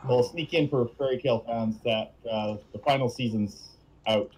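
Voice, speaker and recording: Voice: mid-range voice, moderate pace, a little mellow, slight background noise, low-quality recording. A co-host on a live stream, chiming in casually with chatty, giggly interjections.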